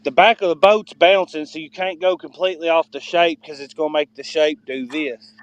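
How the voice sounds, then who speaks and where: Higher-voiced man on a boat. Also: steady tone, brisk, no room sound, dull audio. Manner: easygoing, chatty, explains fish finder readings. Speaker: fishing partner. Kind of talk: casual livestream banter. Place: on a fishing boat outdoors.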